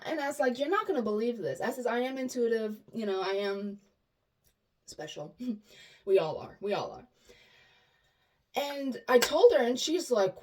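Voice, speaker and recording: A woman's voice: on the high side, moderate pace, recorded from a distance. A woman talks straight to camera in a loose, chatty monologue. She slips into the voices of the people in her stories and often restarts her sentences. Her voice sits a bit back from the mic. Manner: chatty and animated, acts out quoted dialogue, many restarts. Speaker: vlogger sharing personal stories. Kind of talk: casual storytelling monologue.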